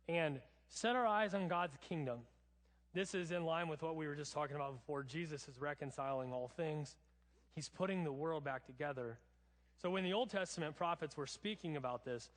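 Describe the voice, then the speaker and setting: A male pastor preaching a sermon in a casual, chatty way with touches of humor. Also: a little high. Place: church sanctuary. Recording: long church hall reverb.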